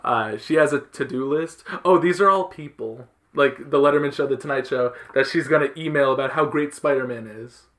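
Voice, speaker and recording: A man's voice: medium pitch, brisk, hardly any pauses, fairly bright tone. A young man hosting a casual comic book podcast, retelling a story in a loose, rambling way with plenty of fillers. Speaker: podcast host. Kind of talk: casual chat.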